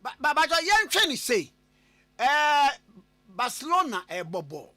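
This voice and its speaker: A man hosting a radio talk show, switching between English and Twi and pressing his guest with lively, stumbling questions. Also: very high voice, unhurried, no room sound. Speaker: radio host.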